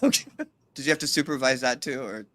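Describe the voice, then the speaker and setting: A woman co-hosting a podcast, chatting casually in an animated way, swearing and cutting in often. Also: extremely low pitch. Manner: animated, swearing, quick interruptions. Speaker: podcast co-host. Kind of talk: casual chat.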